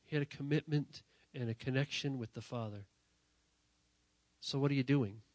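A man preaching a sermon to young people in a church, talking while sick, emphatic and direct, often repeating phrases and swinging from loud to quiet. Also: medium pitch, moderate pace, no room sound. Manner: emphatic, rising to near-shouting then dropping quiet; repetitive, direct address to the audience. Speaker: youth pastor.

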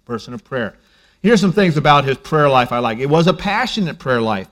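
A middle-aged male pastor preaching a sermon in a conversational way, dropping to a hush and then rising to emphasis. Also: mid-range voice, lively intonation, a little fast. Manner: conversational preaching, shifts between hushed and emphatic.

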